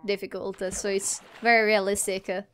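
A woman chatting casually while playing a game, playful and giggly, with excitable exclamations. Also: medium pitch, a little fast, clean tone. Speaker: gamer recording a let's play. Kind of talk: casual gameplay chat.

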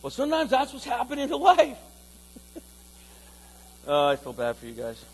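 A man preaching a sermon in a playful, animated way, acting out phrases with sudden loud bursts. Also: extremely high pitch, normal speed, breathy edge, poor audio. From California. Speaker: pastor.

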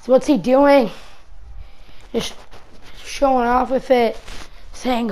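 A woman giving excitable play-by-play commentary on a wrestling match in a game, breaking into shouts at the big moves. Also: sits high, slow, pauses often, slight background noise, rough recording.

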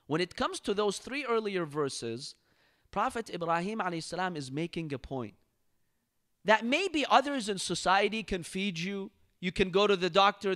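A man's voice: high-pitched, fairly bright tone. A man giving a Ramadan lecture in a mosque as preacher, telling stories expressively and reciting Arabic verses.

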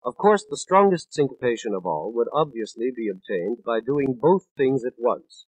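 A man's voice: mid-range voice, big pitch swings, moderate pace, darkish tone, slightly rough, dry recording, low-quality recording. A man in his thirties giving a scripted spoken lecture on music for a 1950s studio record, explaining patiently and counting out beats in rhythm. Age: 30s.

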